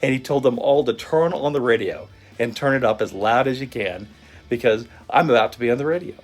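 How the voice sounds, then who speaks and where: A man telling a motivational story in a vivid, animated storytelling manner. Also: mid-range voice, fairly quick. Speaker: motivational speaker. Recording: faint guitar music behind. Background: soft guitar music.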